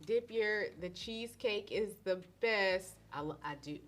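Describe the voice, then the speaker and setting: A middle-aged woman, chatting casually on a live stream as a host and cook, animated and laughing often. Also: mid-range voice, a little slow. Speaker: host and cook answering viewer questions.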